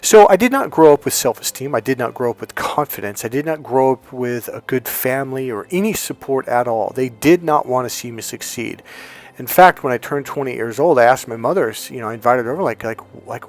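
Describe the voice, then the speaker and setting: A man's voice: mid-range voice, lively intonation, brisk. A man hosting a dating advice talk, telling his own story in a candid, emphatic way and repeating phrases for stress. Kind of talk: personal storytelling monologue.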